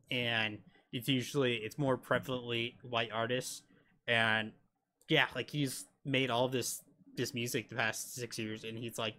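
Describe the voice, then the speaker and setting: A man's voice: mid-range voice, pushed and bright. An American man giving casual reaction commentary, rambling with lots of swearing and filler words. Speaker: reaction video host.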